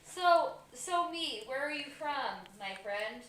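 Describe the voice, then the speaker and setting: A woman's voice: high voice, expressive, takes it slowly, a bit bright, roomy sound, distant mic. A woman co-host chatting playfully on a stream, reading out viewers' comments. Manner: playful, reads chat aloud. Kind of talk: casual live-stream chat.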